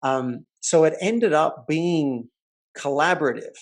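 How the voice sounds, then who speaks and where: A man's voice: a little high, takes it slowly. A man, a life coach, telling a story as the guest in a casual remote interview. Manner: animated, vivid storyteller. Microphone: remote call.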